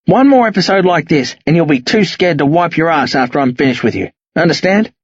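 A man doing a hoarse, furious country sergeant. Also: a little high, lively intonation, a little fast, dry recording, muffled recording. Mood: threatening. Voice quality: hoarse, barking. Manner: berating, threatening, voice rising steadily. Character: gruff hungover middle-aged male country police sergeant.

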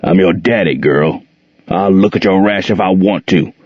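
A man voicing a gruff, domineering grown man who growls coarse commands. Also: low-pitched, moderate pace, no room sound. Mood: menacing. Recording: slightly dull lo-fi recording.

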